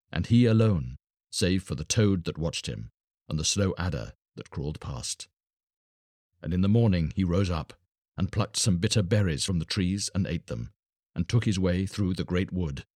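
A man reads an old-fashioned tale aloud in a measured, expressive manner. His voice sits low, but his pitch rises and falls in a lively way. The sound is dry and close. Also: dry recording. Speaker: storyteller. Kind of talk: storybook reading.

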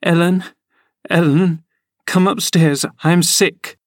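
A frantic teenage girl begs and sobs in a high, breathless voice, as a male reader puts her on. The pleading soars far above a man's usual register, and the dry, close recording catches every catch in her breath. It sounds like a storybook reading of a period novel. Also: steady tone, slow, no echo. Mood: distraught pleading.

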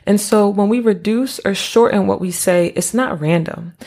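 A young adult woman hosting a podcast, explaining things in a relaxed, conversational way with casual slang and asides. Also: medium pitch, moderate pace. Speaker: podcast host.

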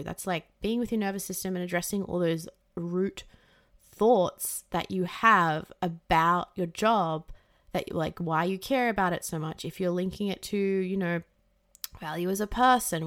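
A young woman hosting a podcast, talking casually and animatedly, swearing freely and acting out the voices in her head. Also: medium pitch. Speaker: podcast host. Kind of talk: casual advice monologue.

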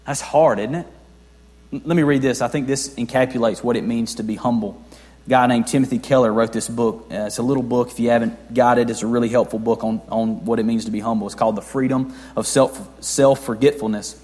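A young man preaching a sermon as a pastor, talking conversationally with rhetorical questions and swinging between soft and loud. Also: mid-range voice, fairly even intonation, brisk. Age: young adult. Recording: long reverb of a large hall.

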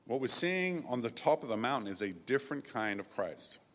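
A man preaching a sermon as pastor, measured and emphatic, slowing down to stress key phrases. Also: medium pitch, big pitch swings, a bit bright. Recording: dull lo-fi sound with long reverb.

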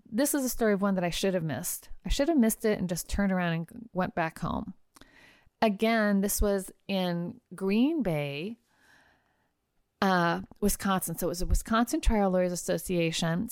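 Woman, podcast host, casual storytelling, animated and chatty, gravelly texture, middle pitch. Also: no room sound, clean studio sound. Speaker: podcast host and trial lawyer.

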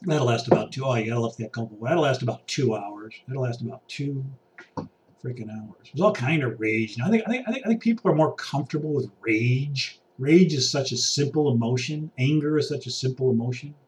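A man's voice: mid-range voice, brisk, far from the mic. A man ranting casually outdoors, sarcastic, acting out impatient people. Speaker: vlogger. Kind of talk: casual rambling monologue. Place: outdoors by water.

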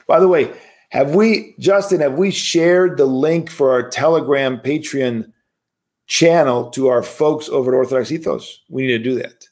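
In a mid-range voice, a male priest delivers a spiritual lecture over a livestream. His manner is emphatic yet conversational, full of rhetorical questions.

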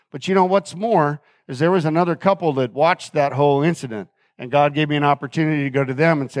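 A man preaching a sermon as pastor, earnest and conversational, often checking in with his listeners with quick asides. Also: on the high side, steady tone, no echo, clean studio sound.

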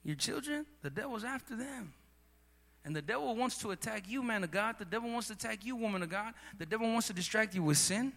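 A man preaching a sermon with rising passion, often calling out to his listeners as brother and sister, and at times shouting. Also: high voice, expressive, brisk, gravelly. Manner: impassioned preaching, building to shouts. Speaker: pastor. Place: church hall. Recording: long hall reverb.

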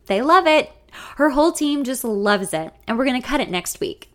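A woman's voice: sits high, expressive, moderate pace, voice pushed up. A woman voicing a flirty man with a Southern US drawl who coaxes and dodges questions. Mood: reassuring. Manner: coaxing, drawling.

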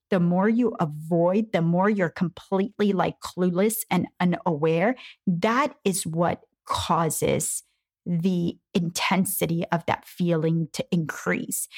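A woman's voice: fairly low pitch, a little mellow. A woman coaching parents in an emphatic advice talk, acting out quoted voices now and then.

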